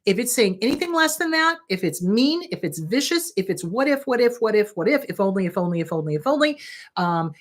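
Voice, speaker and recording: A middle-aged woman therapist hosting a show, giving casual advice in a blunt, animated way, swearing for emphasis and checking in with the listener. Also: a little high, fairly quick. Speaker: therapist, podcast host.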